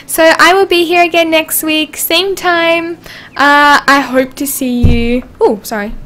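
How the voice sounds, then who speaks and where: A woman's voice: sits high, steady tone, measured pace, fairly bright tone. A woman hosting a casual gameplay livestream, chatting and giggling as she reads game dialogue aloud. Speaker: livestream host.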